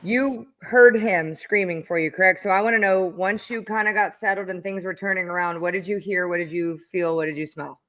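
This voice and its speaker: A man's voice: sits high, steady tone, brisk, hardly any pauses, fairly bright tone. A man hosting a racing podcast, asking the guest eager, probing questions. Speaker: podcast host. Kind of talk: interviewing.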